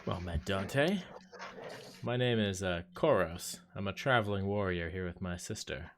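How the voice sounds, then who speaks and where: A man voicing a terse male traveling warrior in a tabletop game, in a deep voice. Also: a little slow, a little hiss or hum. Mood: calm. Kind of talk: tabletop role-play voice.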